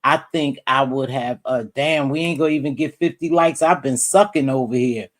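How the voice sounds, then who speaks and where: A middle-aged woman hosting a casual livestream, chatting with viewers and giving gossip commentary, her voice jumping high when she gets worked up. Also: moderate pace. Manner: animated, jumps high when worked up, reads out and greets chat viewers. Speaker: livestream host.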